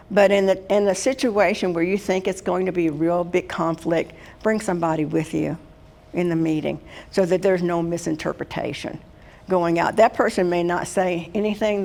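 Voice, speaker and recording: Gravelly older woman giving workplace advice. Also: lowish voice, a little mellow. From Washington, D.C. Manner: folksy, direct, addresses the room as "guys". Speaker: HR consultant and speaker. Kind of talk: workshop talk.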